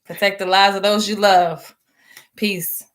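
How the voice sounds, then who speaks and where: A woman speaking briefly as a guest, hesitant and unprepared, pausing on fillers between short phrases. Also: mid-range voice, little pitch movement. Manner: hesitant, with frequent pauses and fillers. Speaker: guest of the host.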